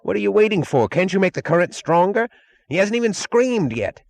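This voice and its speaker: A male narrator voicing a cruel, eager male executive who cries out in a high, urgent voice in an audiobook. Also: sing-song, a little fast, gravelly, darkish tone, dry recording, full character voice. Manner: crying out, goading.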